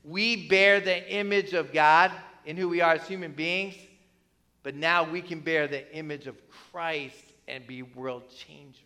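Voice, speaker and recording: In a church hall with lengthy reverb, a pastor gives a conversational sermon, asking the congregation questions and tagging many lines with "right?". His fairly high voice is bright and forceful, with fairly even intonation and a measured pace.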